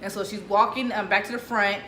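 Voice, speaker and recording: A woman's voice: medium pitch, fairly even intonation, a little fast, pushed and bright. A woman telling a friend's story in casual chat, acting out the dialogue and laughing as she goes. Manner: chatty, retells dialogue, laughs often. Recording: echoey room with faint noise.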